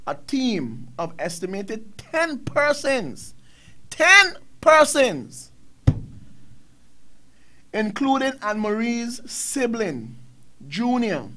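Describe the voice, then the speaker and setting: Man, middle-aged, talk show host, angry impassioned commentary, high voice, rhetorical questions. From Caribbean.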